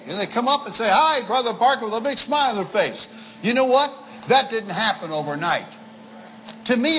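Male preacher, folksy and playful, high bright voice, lively pitch, faint hiss behind. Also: low-quality recording. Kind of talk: sermon to children and families.

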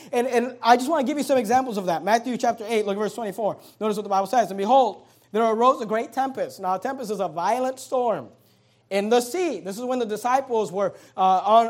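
High-voiced man preaching a sermon. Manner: emphatic, stretching key words while reading scripture aloud. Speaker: pastor.

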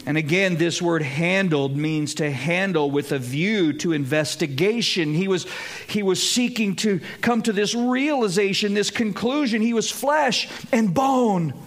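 High-pitched pastor guy, chatty animated sermon, lots of pauses. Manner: conversational, animated storytelling with dramatic pauses.

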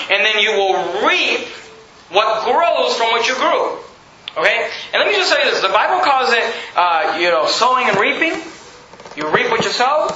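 A man preaching a sermon as pastor, emphatic and building to shouts on key lines. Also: sits high, a little hiss or hum. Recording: roomy, slightly dull with faint ambience.

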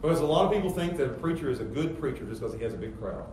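A middle-aged pastor preaching a sermon with emphatic, rising rhetorical questions. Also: male voice, mid-range voice, expressive, very fast, a little mellow. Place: church sanctuary. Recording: very echoey church hall, distant mic, faint noise.

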